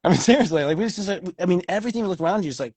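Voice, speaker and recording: A raised, husky man's voice that swings widely in pitch, chatting loosely and cursing often. The sound is dry and close. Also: very fast, no room sound. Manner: animated, swears freely, acts out quoted voices. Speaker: astrology show co-host. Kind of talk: casual chat.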